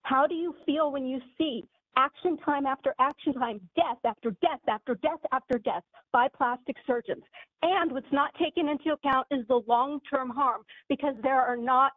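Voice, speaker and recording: A woman giving an angry, impassioned public comment with halting phrasing, heard over a call. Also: high-pitched, dry recording. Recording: phone-like dry call audio.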